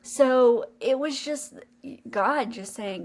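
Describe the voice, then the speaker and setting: A woman's voice: a little high, slow. A young adult woman hosting a podcast, telling a personal faith story in an earnest, emotional way. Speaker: podcast co-host.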